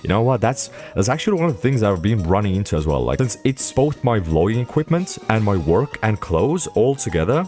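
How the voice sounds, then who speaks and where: A young man vlogging a casual recap, rambling and self-mocking with quick asides. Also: fairly low pitch, big pitch swings, darkish tone, faint music behind.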